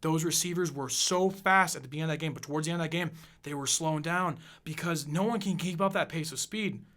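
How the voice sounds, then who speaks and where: Casting: high, bright-voiced man in his 20s, profane podcast host, rants with fired-up emphasis. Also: fast talker. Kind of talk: casual sports rant.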